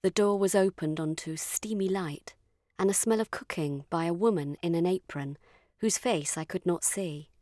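A woman narrating a story in the first person, measured and dryly witty. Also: fairly low pitch, warm tone, dry recording, clean studio sound.

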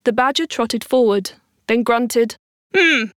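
A woman narrating a children's storybook aloud in a gentle, expressive way. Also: a little high, moderate pace, no echo, studio quality.

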